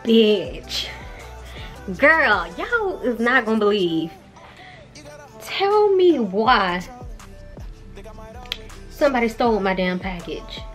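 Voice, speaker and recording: A woman's voice: fairly high pitch, sing-song, takes it slowly, pauses often, a bit bright, faint music behind. A young woman vlogging casually, chatty and candid, swearing freely and calling her viewers girl and y'all. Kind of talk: casual vlog chat.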